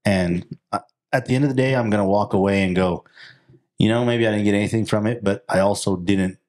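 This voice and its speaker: Man, very deep voice, casual podcast chat, rambling, restarts, acts out thoughts. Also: a little fast, darkish tone. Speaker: podcast co-host. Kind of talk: casual conversation.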